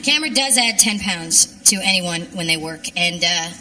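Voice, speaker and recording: A woman's voice: on the low side, animated, moderate pace, bright, forceful tone, far from the mic. A young woman doing a stand-up comedy set on a club stage, with wry, sardonic, rambling asides. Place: comedy club stage before a live audience.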